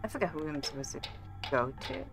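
Low-voiced woman commenting on a game. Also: lively intonation, music in the background. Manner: chatty, thinking aloud, quick exclamations. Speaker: streamer. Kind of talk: casual gameplay commentary.

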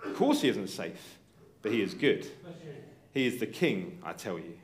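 A man's voice: lowish voice, big pitch swings, a little slow, pitched below the performer's own voice. A man reading as a stern talking beaver. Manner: reading a story aloud at dinner time. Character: stern male talking beaver, firm and proud.

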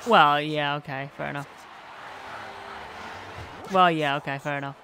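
A man hosting a gaming channel, giving excitable let's-play commentary and yelling at the game. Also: a little high, unhurried, pauses often, a little hiss or hum.

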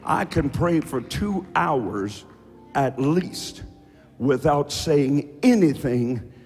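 Male pastor, high voice, deliberate pace, shouting sung sermon cadences in church. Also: expressive, soft background music. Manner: repetitive rhetorical questions. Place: church sanctuary.

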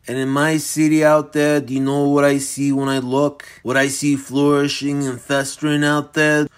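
A man voicing a predatory, deranged old man in a fedora who speaks slowly and tauntingly, relishing every word. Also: on the high side, little pitch movement, clean tone, lightly acted.

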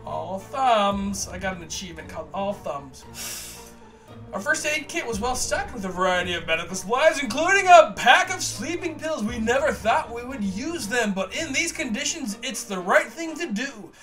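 A man hosts a let's play, reading the game's text aloud in a bright, forceful voice. He gives the lines mock drama and jokes at his own slips. Faint game music plays behind him. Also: very high voice, lively intonation, normal speed. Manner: jokey, reads game text with mock drama, laughs at himself.

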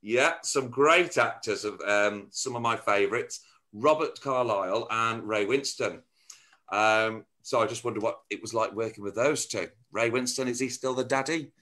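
A man's voice: fairly low pitch, moderate pace, bright, forceful tone. A man hosting a casual remote interview over a video call, chatty and reading from his notes with plenty of ums. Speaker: interview host.

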